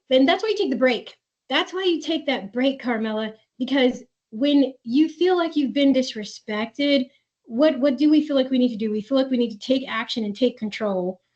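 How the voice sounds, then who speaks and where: A woman presenting a school webinar for parents, reading out their questions and giving coaching advice with many fillers. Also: a little high. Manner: reads parent questions aloud, then coaches warmly with filler words. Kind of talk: live webinar Q&A. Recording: dull lo-fi webinar audio.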